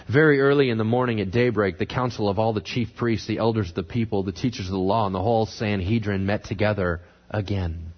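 A man preaches through a scripture passage and plays the characters with big swings of pitch and volume. His voice is husky and animated. The recording sounds dull and muffled. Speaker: pastor. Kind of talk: sermon reading and commenting on scripture.

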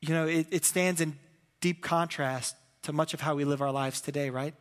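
A man's voice: fairly high pitch, moderate pace, in a large hall. A man preaching a sermon as pastor, telling stories with acted-out quotes and a self-deprecating humor. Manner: animated storytelling with acted-out quotes.

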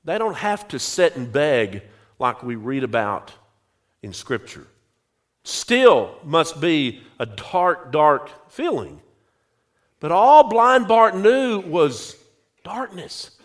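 A male pastor preaching a sermon, telling a story slowly and speaking directly to his congregation. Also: on the high side, big pitch swings. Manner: slow, drawn-out storytelling, addressing the congregation directly.

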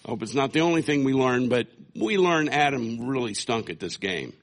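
A man's voice: medium pitch, lively intonation, normal speed. A man preaching a sermon, telling a scripture story with humor and acting out quotes. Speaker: pastor.

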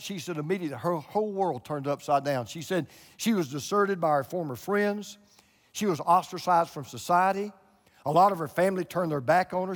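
A pastor in his sixties preaching a sermon to a church, swinging from loud exclamations to hushed low tones. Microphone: broadcast camera recording. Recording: long hall reverb.

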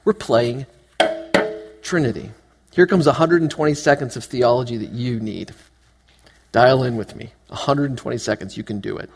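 A man preaching a sermon to his church, animated and joking, asking the congregation one question after another. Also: mid-range voice, brisk, gravelly, slight background noise. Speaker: pastor. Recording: long hall reverb.

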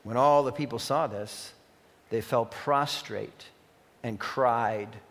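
A man preaching a sermon, reading scripture aloud with sudden loud emphatic peaks and quieter asides. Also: medium pitch, slow. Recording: long reverb of a hall.

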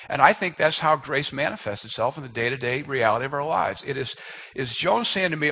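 Man, fifties, strong bright tone, self-deprecating, humorous sermon story. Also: a little high, animated, fairly quick, creaky, slightly rough. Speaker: speaker.

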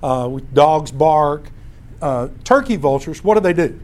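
Animated man teaching Bible class. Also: on the high side, measured pace. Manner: storytelling, animated, self-interrupting. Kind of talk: casual Bible lesson with slides.

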